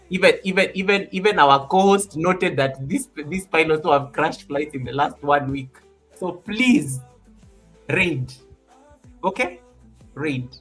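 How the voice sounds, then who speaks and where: A man's voice: fairly high pitch, fairly bright tone, husky. A man hosting a live stream in casual chat from an office, teasing and laughing often and making mock threats.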